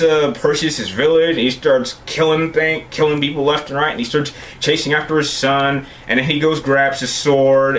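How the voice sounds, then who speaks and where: A man's voice: on the high side, fairly bright tone. A young man giving a loose, rambling spoken recap as a movie reviewer, full of fillers and asides.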